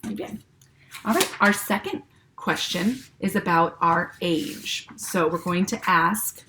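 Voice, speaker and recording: A woman teacher walks young children through a lesson in a patient, clear voice. She pauses often to check that they follow. Her voice sits a little low. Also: bright, forceful tone, slight background noise. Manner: patient, slow and clear, with many "okay?" checks. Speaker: Spanish teacher.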